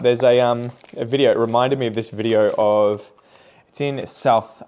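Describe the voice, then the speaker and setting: A young Australian man with an Australian accent, a plant vlogger, chats casually and rambles while repotting plants, swearing now and then. His voice is on the low side and a little mellow, at a normal speed, in the manner of easygoing commentary over chores.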